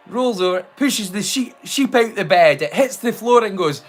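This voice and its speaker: A Scottish man with a notably high voice hosts a casual livestream, wandering off into playful rhymes and daft jokes as he talks. Music plays faintly underneath him. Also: expressive, moderate pace, few pauses, fairly bright tone. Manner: playful and rambling, slipping into silly rhymes and jokes. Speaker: host of a live watch-along stream.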